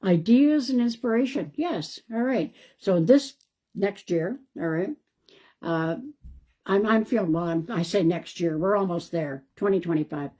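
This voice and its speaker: Woman, psychic medium, live card reading, low pitch, mellow tone, reassuring. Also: a little slow. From Canada. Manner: calm, reassuring, thinking aloud.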